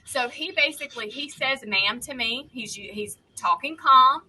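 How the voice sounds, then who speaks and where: A woman, co-hosting a podcast and telling a story in a heated, animated way. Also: sits high, unhurried, slight background noise, low-quality recording. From North Carolina, US. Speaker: podcast co-host. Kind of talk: casual chat, storytelling.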